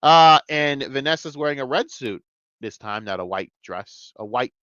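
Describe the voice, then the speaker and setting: A man's voice: mid-range voice, expressive, moderate pace, a bit bright, no echo, dull audio. Foul-mouthed man ranting about a TV episode. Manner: swears constantly, ranting and mocking. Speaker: TV episode reviewer. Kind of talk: casual profane review rant.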